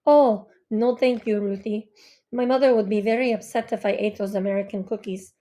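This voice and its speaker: A woman's voice: medium pitch, fairly even intonation, moderate pace, close to an everyday voice. A woman voicing a polite, earnest young Bengali boy with a light Indian accent. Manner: polite, earnest, soft-spoken.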